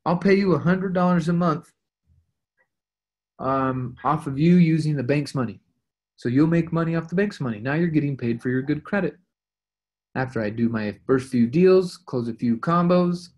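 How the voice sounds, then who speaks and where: A man's voice: fairly high pitch, darkish tone, lo-fi sound. Man coaching on a team call. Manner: conversational, acts out sample dialogues. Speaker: real estate investing coach.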